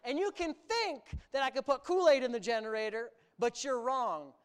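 Animated, emphatic preacher with a lively pitch. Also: moderate pace, clean tone. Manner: emphatic and animated, stretches words for emphasis, sarcastic asides. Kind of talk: sermon.

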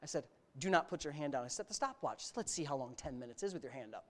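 A middle-aged male pastor with a notably high voice delivers an animated sermon. He swings between sarcastic asides and rising, near-shouted exhortations. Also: racing.

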